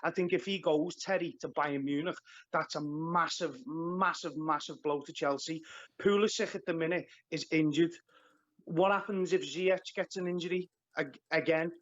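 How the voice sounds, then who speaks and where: A man phones into a football show for a fan chat, blunt and opinionated, scolding the fans. His voice is on the high side and a bit bright, with a steady tone at normal speed. The call audio sounds dull.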